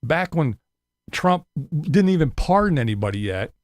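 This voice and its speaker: A man's voice: fairly high pitch, very animated, normal speed, dry recording, studio quality. A man ranting profanely on a casual live stream, sarcastic and mocking. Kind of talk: casual livestream rant.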